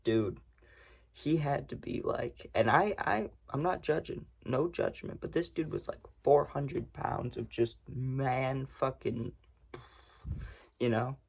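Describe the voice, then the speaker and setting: A young man with a gravelly, husky voice tells a long story in a loose, rambling way. He swears freely and keeps the tone casual and laid-back, like he's just chatting to his viewers. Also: medium pitch, slow pace, darkish tone. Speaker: storytime vlogger.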